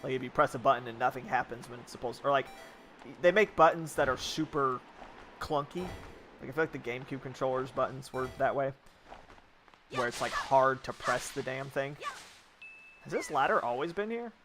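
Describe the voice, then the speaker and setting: A man's voice: medium pitch, normal speed, fairly bright tone, faint music behind. A man giving casual gameplay commentary as a streamer, rambling and blunt, swearing freely.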